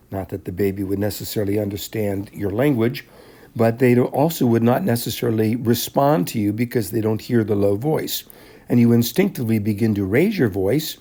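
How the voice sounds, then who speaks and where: A teacher delivers a classroom lecture in a somewhat low, warm and mellow voice. He works through each point step by step at a measured pace, pausing now and then to clear his throat.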